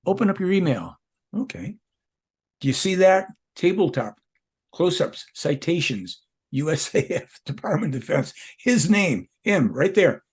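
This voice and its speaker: A man's voice: high voice, big pitch swings, a little slow, husky. A man speaking as an interview guest, rambling and emphatic, jumping from point to point. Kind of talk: casual interview talk.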